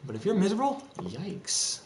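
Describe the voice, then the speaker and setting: A man's voice: sits high, huge pitch swings, normal speed. A young man ranting in an agitated, profane, rambling monologue with frequent restarts, recorded in a home room with faint typing behind. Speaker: streamer. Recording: echoey room, faint background noise.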